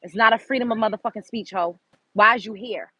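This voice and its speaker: This show host, a woman from Brooklyn, New York, fires off blunt, profane, unscripted commentary at her live chat. She's a fast talker with a mid-range voice that's pushed, bright, and slightly rough; there's no echo, but the highs are cut off.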